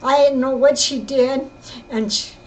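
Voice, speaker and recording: An older woman telling her own story in casual, rambling speech, often halting and repeating herself. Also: high voice, steady tone, slight background noise, low-quality recording. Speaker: interviewee recounting her life. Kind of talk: casual spoken reminiscence.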